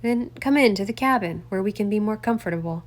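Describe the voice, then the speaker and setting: A woman voicing a smooth, courteous middle-aged male politician who turns defensive and threatening. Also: a little fast, natural voice. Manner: courteous, then low and threatening.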